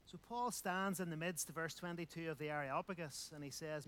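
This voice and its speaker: A man's voice: fairly high pitch, fast, few pauses, fairly bright tone, slight background noise. A man preaching a sermon, emphatic, repeating phrases and asking rhetorical questions.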